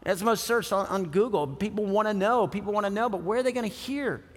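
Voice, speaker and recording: A man's voice: high-pitched, quick pace, big-room sound. A man preaching a sermon in a conversational way, often checking in with the audience by asking "right?". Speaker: pastor.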